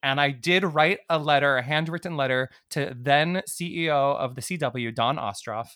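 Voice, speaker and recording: A man's voice: a little high, normal speed, sharp tone, clean tone. A man hosting a casual interview, talking with fan enthusiasm and lots of filler words. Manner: enthusiastic, gushing fan talk full of "like".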